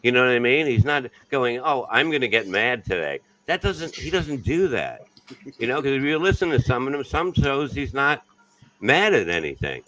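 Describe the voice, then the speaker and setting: A man's voice: medium pitch, big pitch swings, moderate pace, a bit bright, poor audio. A man, a comedian guest, talking bluntly and profanely in a casual podcast chat.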